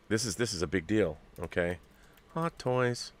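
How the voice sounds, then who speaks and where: A man hosting a casual live-stream show and answering viewer messages. He is excitable and swears often, dropping to near-whispers and then bursting out loud. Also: lowish voice, moderate pace, no echo.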